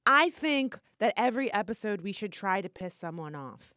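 A woman co-hosting a podcast in casual chat, animated and laughing, her voice jumping high when she gets excited. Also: moderate pace, dry recording, studio quality. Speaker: podcast co-host.

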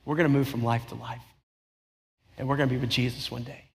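A man's voice: medium pitch, level tone, fast, creaky, slightly rough. A middle-aged man preaching a sermon, telling a story in a conversational way with emphatic repetition. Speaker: pastor. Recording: long hall reverb.

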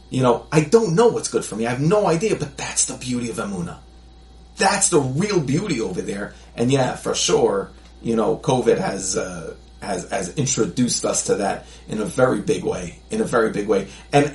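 Podcast guest, man, reflective and rambling, echoey room sound. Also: mid-range voice. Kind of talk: casual chat.

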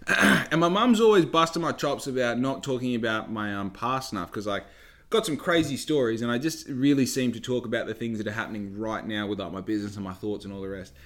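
A man's voice: mid-range voice, brisk, a bit bright. A young Australian man telling a rambling story in casual talk, swearing often and firing off rhetorical questions.

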